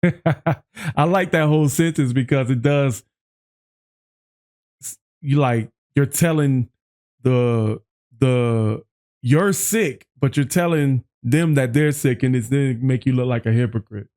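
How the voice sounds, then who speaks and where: A man hosting a music reaction video, chatting excitedly, often restarting his sentences and quoting lyrics back. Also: medium pitch, takes it slowly. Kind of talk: casual reaction commentary.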